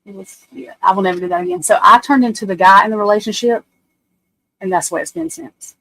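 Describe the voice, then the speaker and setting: A woman's voice: medium pitch, quick pace, a bit bright, rough recording. A woman in her forties with a drawl chats loosely on a livestream. She rambles from story to story, blunt and profane, and keeps turning to her viewers. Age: 40s. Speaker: livestream host. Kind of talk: casual chat on a livestream.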